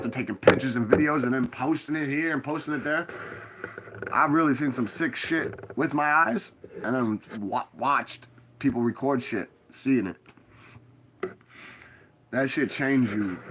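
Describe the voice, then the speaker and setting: Man, rambling monologue, street slang, heavy swearing, blunt stern warnings, mid pitch. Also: moderate pace, a bit bright, slight background noise. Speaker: vlogger giving street advice.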